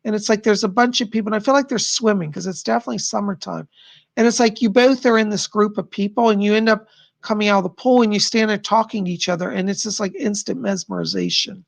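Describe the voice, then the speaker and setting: A psychic livestream host with a high, fast voice and vocal fry gives readings on a live stream. He is chatty and rambling and keeps repeating what the spirits tell him.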